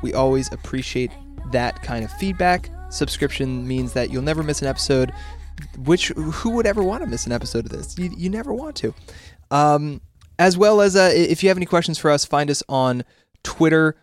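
A man hosting a casual music podcast, chatty and quick to laugh. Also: a little high, lively intonation. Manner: chatty, laughs often, fillers and restarts. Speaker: podcast host. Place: based in New York.

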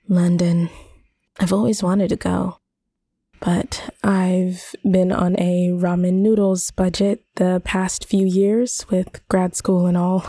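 A woman reads a first-person romance story in a slow, intimate, soft-spoken manner. Her voice is low-pitched and mellow, recorded close and dry with no room sound. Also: flat delivery, slightly rough, no room sound. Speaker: audiobook narrator.

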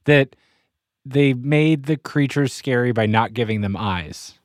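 A man co-hosting a podcast in casual chat, self-deprecating and halting, with frequent restarts. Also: medium pitch, no echo, clean studio sound. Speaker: podcast co-host.

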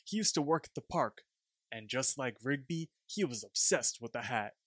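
A man's voice: mid-range voice, animated, normal speed, fairly bright tone, no echo, clean studio sound. A man voicing an older male park worker as he tells an old story, in a raised, earnest storytelling voice.

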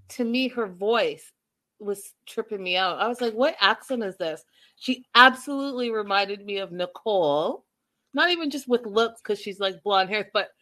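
A woman's voice: mid-range voice, pushed and bright. A woman hosting a live recap chat who talks casually and addresses her viewers directly. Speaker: host.

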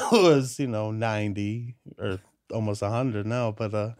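A man's voice: on the low side, steady tone, a little slow, a little mellow. A man, a podcast guest, telling a family story in casual chat and laughing often.

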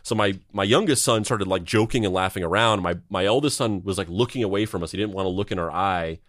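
A fairly low-pitched man in his thirties talks through a casual podcast chat. He rambles, restarting sentences and repeating words as he goes. The sound is dry and close, with no room echo. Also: quick pace, a bit bright. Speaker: podcast host.

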